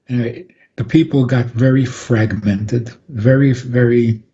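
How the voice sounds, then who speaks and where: Slow, mellow-voiced rabbi on radio. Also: male voice, mid-range voice. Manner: calm, explanatory, chuckles often. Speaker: rabbi guest. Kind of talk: radio interview, Torah teaching. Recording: dull lo-fi radio audio.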